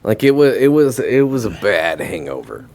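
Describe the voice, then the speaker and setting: A man's voice: on the low side, sing-song, moderate pace, a little mellow. Easygoing male podcast co-host. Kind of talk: casual chat.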